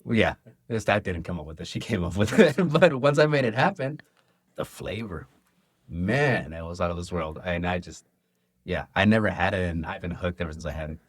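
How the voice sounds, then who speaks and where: A man who owns and cooks at a restaurant, talking casually in an interview and telling animated stories with acted-out dialogue. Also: low-pitched, normal speed, breathy edge, no echo, studio quality. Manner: animated storyteller acting out dialogue. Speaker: restaurant owner and cook.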